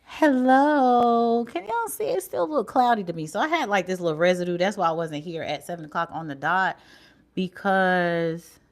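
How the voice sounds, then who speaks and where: A woman's voice: mid-range voice, moderate pace, slight background noise. A woman chatting casually to her viewers on a live stream, greeting them in a sing-song way and talking straight to them. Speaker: livestream host.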